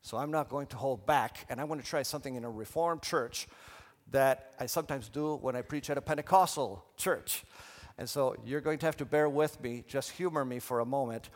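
A man preaching a sermon in a church, animated and leading the congregation in call and response. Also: mid-range voice, brisk, long reverb tail. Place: church sanctuary.

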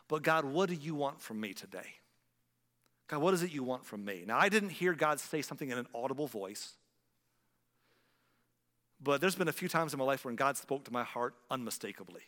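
Earnest pastor preaching in a reverberant hall. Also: male voice, on the high side. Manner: earnest, emotional, swings from loud emphasis to hushed. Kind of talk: sermon.

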